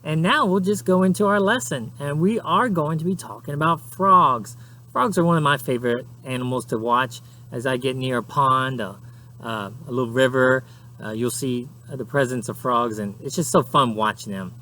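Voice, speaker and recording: A man who teaches at a nature center, greeting kids and starting a casual lesson in a friendly, easygoing way with hesitant pauses. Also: mid-range voice, sharp tone, slight background noise.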